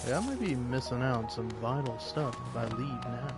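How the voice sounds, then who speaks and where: A man's voice: mid-range voice, lively intonation, brisk, over loud music. A man giving casual gameplay commentary, rambling with lots of fillers and laughing often. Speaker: gaming video creator.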